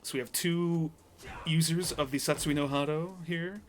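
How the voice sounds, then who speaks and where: Chatty, laughing esports host. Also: male voice, a little high, fairly even intonation, moderate pace, a little hiss or hum. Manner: chatty, rambling, laughs often. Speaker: tournament commentator and host. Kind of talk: live esports commentary.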